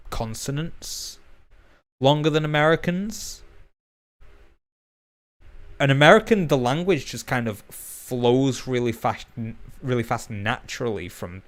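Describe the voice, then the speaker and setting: A young man with a Bolton accent from northern England, chatting casually and rambling quickly, with fillers and swearing. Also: medium pitch. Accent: Bolton, northern English. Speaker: YouTuber. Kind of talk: casual chat to camera.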